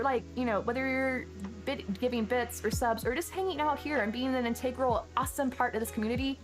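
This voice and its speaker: Gushing woman streamer over music. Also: a little high. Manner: gushing, effusive, rambling with many restarts. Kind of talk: casual live-stream chat thanking viewers. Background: background music.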